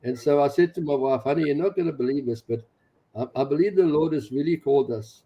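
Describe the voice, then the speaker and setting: A man in his sixties, a missionary pastor, telling his personal testimony in an animated way, chuckling along as he goes. The recording sounds dull and lo-fi. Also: mid-range voice, fast, slightly rough.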